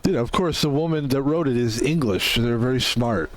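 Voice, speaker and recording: A man's voice: mid-range voice, a little fast. A man casually commenting while playing a video game, rambling between jokes and swearing freely. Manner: rambling, profane, joking asides. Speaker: gaming YouTuber. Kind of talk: casual let's-play commentary.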